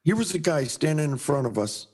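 Animated storytelling man from Minnesota. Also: fairly high pitch, a little fast. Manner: animated, acts out voices in his anecdotes. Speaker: sign painter guest. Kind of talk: storytelling in casual conversation.

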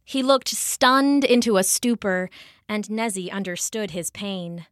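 A woman narrating a children's fantasy story in an expressive, measured way. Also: medium pitch, dry recording, studio quality.

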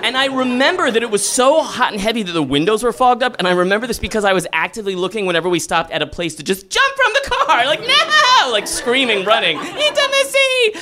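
A young man telling a self-deprecating comic story live, acting out quoted lines with sudden high squeals. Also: big pitch swings, fast, few pauses.

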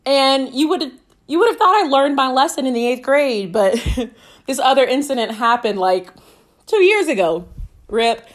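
A woman's voice: sits high, animated, moderate pace. A woman in her twenties hosting a podcast, telling a personal story casually and acting out her own quoted lines with laughs. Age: 20s. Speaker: podcast host.

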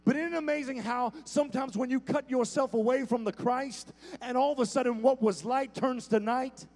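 A man preaching a sermon to a church congregation, repeating phrases for emphasis, with soft instrumental music underneath. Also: very high voice, fairly even intonation, moderate pace. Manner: emphatic call-and-repeat preaching, stammered repetitions. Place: church sanctuary.

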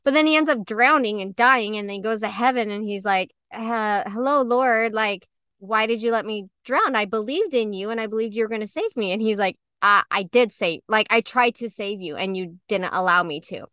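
A woman co-hosting a podcast, telling her story in a candid, animated way and acting out what people said. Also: mid-range voice, moderate pace, clean tone, no room sound. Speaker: podcast co-host. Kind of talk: candid conversational podcast talk.

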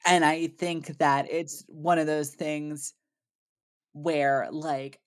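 A low-pitched woman co-hosting a podcast, talking casually. She rants emphatically and swears freely, piling on point after point. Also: steady tone, drawn-out words. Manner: profane, emphatic ranting. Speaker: podcast co-host. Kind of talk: casual chat.

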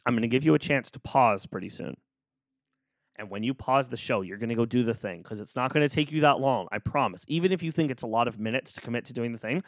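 Speaking in a medium pitch, a man hosts a solo podcast with clean studio sound, no echo, and a close microphone. He's casual and upbeat, playfully cheering the listener along.

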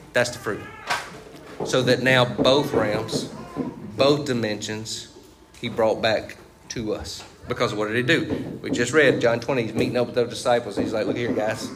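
A man's voice: medium pitch, noisy background. A male pastor preaching a sermon in a conversational style, quizzing the congregation with fill-in questions and tagging points with "right?". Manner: tags points with "right?" and "you see what I'm saying?".

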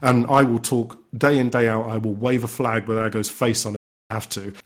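A man being interviewed on a podcast, talking with lively enthusiasm. He rambles, often restarts his sentences, and keeps coming back to encourage other developers. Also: mid-range voice, fairly quick. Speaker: indie game developer guest.

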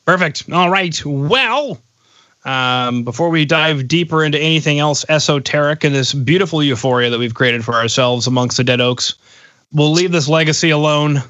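A man in his thirties hosts a podcast in a loose, rambling way and slips jokes in between reflective thoughts. His voice sits a bit high for a man. The sound is dull and dry, with almost no room. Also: normal speed, fairly bright tone, no echo. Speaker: podcast host. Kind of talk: casual interview chat.

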